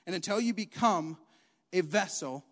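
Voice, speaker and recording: A young man delivers a sermon in a lively, emphatic way, driving his points home by repeating them. His voice sits high for a man. The sound rings with the long reverb of a large hall. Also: moderate pace. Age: young adult. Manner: animated, emphatic, repeats key lines. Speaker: youth preacher.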